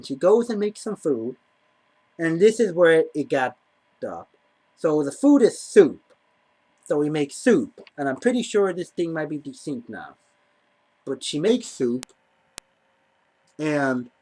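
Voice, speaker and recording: A man's voice: on the high side, a little mellow. A man telling a personal story to the camera in a rambling, profane way, full of "like.". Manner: rambling, profane, heavy use of "like". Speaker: vlogger.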